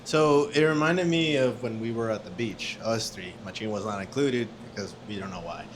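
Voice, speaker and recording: A young man co-hosting a casual podcast, relaxed and joking, laughing at his own stories. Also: on the low side, normal speed, noisy background. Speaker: podcast co-host. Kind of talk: casual chat.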